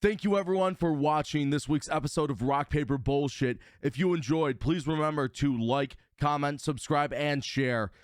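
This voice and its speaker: A man with a smooth, clear voice, a bit higher than most, chats and jokes with a lively, rising-and-falling delivery. He often trips over his words and repeats himself. The sound is dry and close. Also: normal speed, few pauses, dry recording. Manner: joking, animated, stumbles and repeats words. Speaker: podcast co-host. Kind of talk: casual chat.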